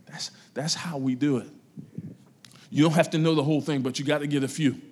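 A man pastor preaching a sermon to his church, his loudness swinging between raised emphasis and quiet asides. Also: on the high side, steady tone, fairly quick, husky. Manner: preaching with strong rises and drops in loudness.

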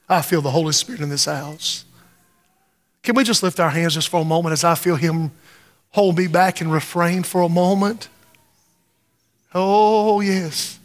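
A man preaching a fervent sermon from the pulpit, sometimes dropping to a hush and sometimes singing. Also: sits high. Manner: fervent preaching, drops to hushed tones and breaks into song. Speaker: pastor. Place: church sanctuary. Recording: reverberant church hall with music.

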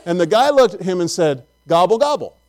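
A middle-aged pastor with a notably high voice for a man, preaching in a homey, conversational way. He tells stories and talks straight to his congregation. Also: lively intonation, brisk, a little mellow. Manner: folksy, storytelling, chatty with the congregation. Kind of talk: sermon.

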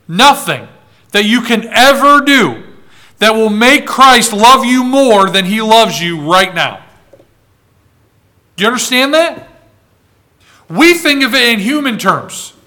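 A man's voice: very high-pitched, lively intonation, slow pace, long pauses, bright, forceful tone. A man preaching a sermon, emphatic, repeating words for weight and reading scripture aloud. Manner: reads scripture aloud in old-fashioned wording. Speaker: pastor.

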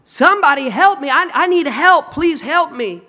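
A man's voice: very high voice, expressive, normal speed, sharp tone, pitched above the performer's own voice, full character voice. A preacher voicing a panicked man hanging from a cliff who frantically begs for help, in a large auditorium with long reverb. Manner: frantic, pleading cries for help.

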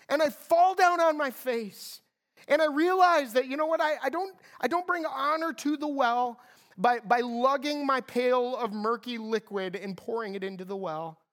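A woman preaching a sermon in an earnest, emphatic way, repeating key phrases for weight. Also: high voice.

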